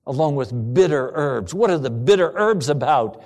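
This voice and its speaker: A man preaching a sermon with dramatic delivery, swinging between ringing emphasis and a hushed near-whisper. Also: a little high, lively intonation, unhurried, long pauses.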